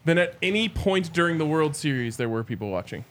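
Teasing podcast co-host, slightly high voice. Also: male voice, very animated, fairly quick, fairly bright tone. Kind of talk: casual podcast chat.

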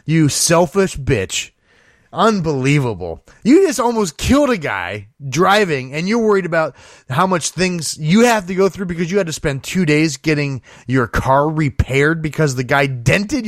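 A man's voice: fairly high pitch, no room sound, clean studio sound. A man hosting a show, giving casual comedic news commentary in a sarcastic, profane, storytelling way. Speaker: show host.

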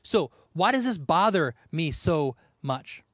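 A man preaching a sermon in a conversational, animated way, with asides and laughs. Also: fairly high pitch, slow pace, dry recording, studio quality. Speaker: pastor.

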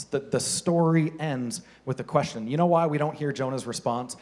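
A man preaching a sermon, animated and playful, acting out the characters with mocking voices. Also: mid-range voice, measured pace.

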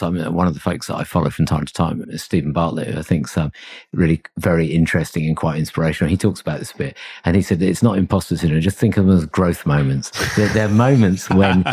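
A man's voice: sits low, a little mellow, breathy edge. A middle-aged man, a consultancy founder, talking reflectively in a podcast interview, rambling with fillers and chuckles. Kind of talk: conversational interview.

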